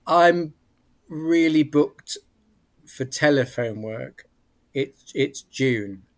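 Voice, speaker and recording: A man from England, guesting on a podcast as a psychic medium, explains his work thoughtfully in casual interview chat, often restarting his sentences. His British-accented voice is on the high side and extremely slow.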